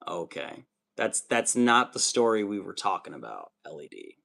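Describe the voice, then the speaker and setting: A man's voice: deep voice, big pitch swings, moderate pace, creaky, pushed and bright. Rambling, swearing male streamer. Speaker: livestream host. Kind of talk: casual chat while building miniatures.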